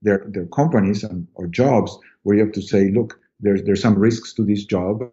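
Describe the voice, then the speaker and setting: Low, mellow middle-aged man telling stories. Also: dull audio. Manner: halting, repeats words, many ums. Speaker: podcast guest, consultant. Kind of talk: casual interview storytelling.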